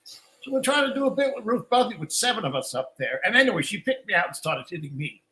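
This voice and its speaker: Older guy rambling through old showbiz stories, voice sits pretty high, lots of restarts. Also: expressive, quick pace, pushed and bright, low-quality recording. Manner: rambling, restarts often, acts out quoted lines. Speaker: guest musician. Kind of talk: casual storytelling in a live Q&A.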